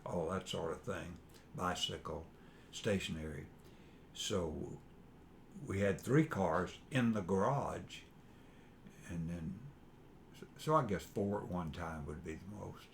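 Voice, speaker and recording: An older man, reminiscing in a halting, rambling way with fillers while his son interviews him. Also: sits low, creaky, a little hiss or hum. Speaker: father being interviewed. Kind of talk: casual family interview.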